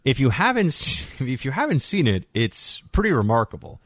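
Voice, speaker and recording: A man hosting a talk radio show, telling stories in an animated, conversational way into a studio microphone. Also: medium pitch, moderate pace, dry recording.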